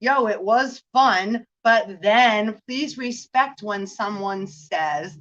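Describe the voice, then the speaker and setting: A woman's voice: mid-range voice, slow pace, hardly any pauses, fairly bright tone, lo-fi sound. A woman giving a casual spiritual vlog talk, rambling, laughing often, swearing and asking "right?" again and again. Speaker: spiritual reader.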